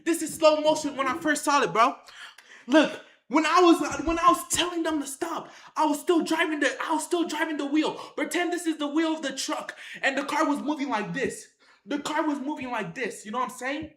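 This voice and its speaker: An animated storyteller telling a wild story to camera in casual slang, acting out scenes with sound effects, repeated phrases and shouted lines. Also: high-pitched, fairly quick, roomy sound.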